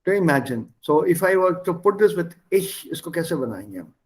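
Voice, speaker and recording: A man's voice: fairly high pitch, sing-song, normal speed. A man teaching an online language class over a video call, explaining words one at a time and switching between languages.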